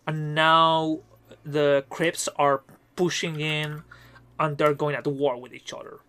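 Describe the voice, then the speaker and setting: A man's voice: a little high, level tone, slow pace, bright, forceful tone, clear, resonant tone. Chatty man narrating a horror game. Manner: conversational, with fillers and asides. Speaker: game master. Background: faint music.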